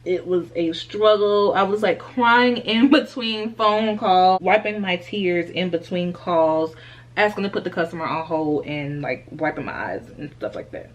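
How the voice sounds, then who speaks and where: A young woman talks straight to her followers in a loose, chatty vlog voice, her pitch sitting a little low for a woman. She calls her viewers y'all and baby and laughs lightly even while telling hard news, in a candid, conversational storytelling manner. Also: measured pace. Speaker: vlogger. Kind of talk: candid life-update storytelling.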